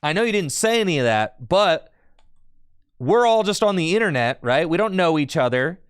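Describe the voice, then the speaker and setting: Male streamer, smooth clear voice, dry close sound, laid-back banter with chat. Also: on the high side, big pitch swings, moderate pace, no room sound. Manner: chatty, talks back to viewers in chat. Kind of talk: casual live-stream chat while playing a card game.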